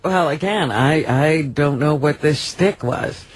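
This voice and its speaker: A woman's voice: low voice, takes it slowly, heavy background noise. Dry, teasing radio co-host woman. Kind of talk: radio talk show chat.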